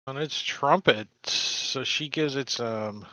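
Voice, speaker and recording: A man's voice: medium pitch, slow, bright, forceful tone, dry recording, poor audio. A man running a tabletop game as game master, making matter-of-fact rules calls. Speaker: dungeon master.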